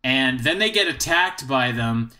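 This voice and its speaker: A man's voice: mid-range voice, animated, measured pace, pushed and bright. A man co-hosting a podcast, chatting casually and joking, often trailing off mid-sentence. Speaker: podcast co-host. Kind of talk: casual chat.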